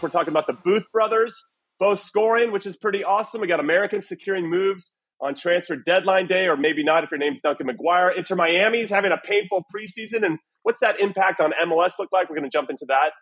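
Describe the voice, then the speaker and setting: Upbeat husky-voiced male podcast host. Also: high voice, fast talker, fairly bright tone, soft background music. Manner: upbeat, playful quizmaster banter. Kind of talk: casual soccer podcast chat. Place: away from his usual recording spot.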